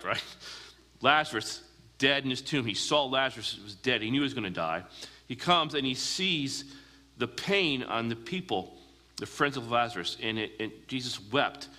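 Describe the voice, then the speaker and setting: Man, pastor, sermon, earnest, rhetorical questions, bright voice, reverberant hall. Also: mid-range voice. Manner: earnest preaching with rhetorical questions and slow emphatic pauses.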